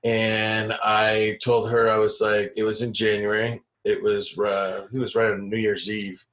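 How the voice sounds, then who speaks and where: A man's voice: on the low side, monotone, unhurried, a bit bright. A man in his forties, a podcast guest, telling stories in a blunt, rambling way. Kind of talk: casual storytelling chat.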